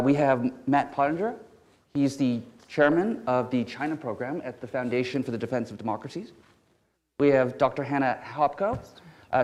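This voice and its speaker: A man moderating a conference panel, speaking haltingly with many fillers as he introduces guests and asks questions. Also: medium pitch, darkish tone.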